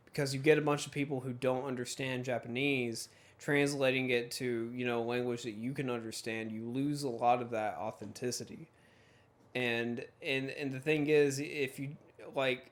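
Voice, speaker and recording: A man's voice: mid-range voice, a bit bright. A man co-hosting a podcast, giving a rambling, opinionated critique in casual chat. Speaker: podcast co-host.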